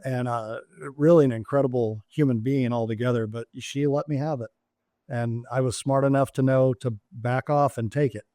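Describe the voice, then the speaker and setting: Man telling animated stories, mellow voice. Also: medium pitch, normal speed, dry recording, clean studio sound. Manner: animated storyteller acting out dialogue. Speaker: guest, former Navy SEAL turned company executive. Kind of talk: storytelling in a casual interview.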